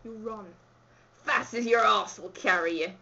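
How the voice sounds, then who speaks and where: A woman's voice: mid-range voice, normal speed, gravelly, sharp tone. A woman reading a flustered, fawning male town mayor in a put-on Cockney accent, on a dull lo-fi home video.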